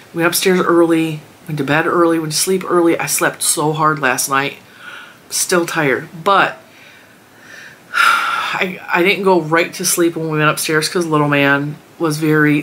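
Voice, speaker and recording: A woman's voice: sits low, fairly bright tone, a little hiss or hum. A woman vlogger rambling casually about her week and her crochet projects. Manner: chatty, rambling storytelling. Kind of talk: casual chat.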